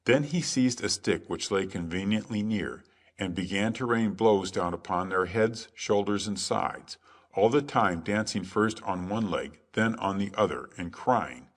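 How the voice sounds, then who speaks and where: A man reading a classic adventure tale aloud as calm, measured sleep story narration. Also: fairly low pitch. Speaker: audiobook narrator.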